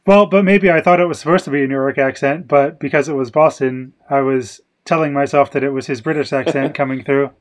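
A man's voice: mid-range voice, fairly even intonation, a little fast, few pauses. A man co-hosting a podcast, discussing a film casually and second-guessing himself as he thinks aloud. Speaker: podcast co-host.

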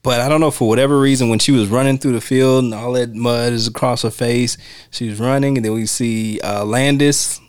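A man's voice: medium pitch, fairly even intonation, a little fast, dry recording. A man hosting a podcast, chatting casually about films in an easygoing way, often laughing and groping for names. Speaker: podcast host. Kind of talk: casual film commentary chat.

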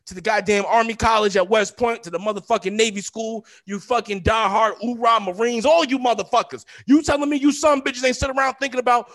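A man with a strikingly high voice goes off in a loud, profane rant. His tone is bright and cutting. He talks like a podcast co-host with no filter. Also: fairly quick, few pauses. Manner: loud, profane, heated ranting. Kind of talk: casual chat and profane rant.

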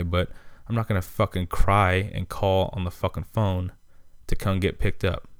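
A man with a low, smooth voice hosts a podcast, recorded with no echo. He rants casually, swearing heavily and airing heated complaints in a loose monologue.

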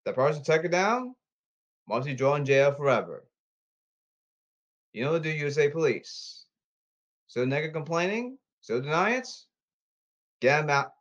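A man podcasting alone in a repetitive, halting, pleading monologue. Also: fairly high pitch, big pitch swings, a bit bright. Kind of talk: rambling solo monologue. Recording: slightly dull lo-fi audio.

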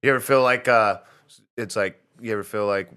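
A podcast host chatting casually, with heavy profanity and frequent use of "dude". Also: male voice, on the low side, fairly even intonation, a little fast, sharp tone, clean tone. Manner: laid-back, profane, says "dude" a lot.

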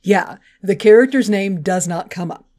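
A woman's voice: mid-range voice, moderate pace, darkish tone. A woman co-hosting a podcast in casual chat, chatty and profane, laughing often as she recaps. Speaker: podcast co-host.

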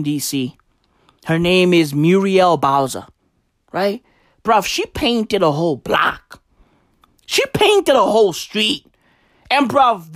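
Slow talking lady ranting, swears constantly, repeats herself, dead dry mic. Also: medium pitch, no room sound. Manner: drawling, slangy, swears a lot, repeats lines. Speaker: comedic ranter. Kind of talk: profane comedic rant.

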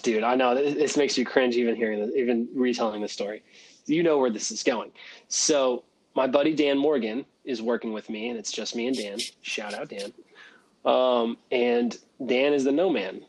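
A man, a former valet, telling a story as a guest, animated, laughing often and acting out other people's voices. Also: medium pitch, moderate pace, poor audio. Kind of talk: casual storytelling.

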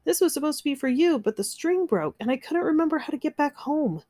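A woman's voice: a little high, sing-song, moderate pace, a little mellow, dry recording, studio quality. A woman voicing a cheerful, adventurous little sister in a storybook, eager and pleading. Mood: tearful.

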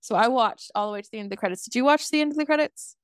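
A woman in her twenties chatting casually as a podcast co-host, recapping a film with sass, swearing freely and acting out lines in quick voices. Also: fairly high pitch, clear, resonant tone, no room sound, clean studio sound. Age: 20s. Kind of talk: casual movie recap chat.

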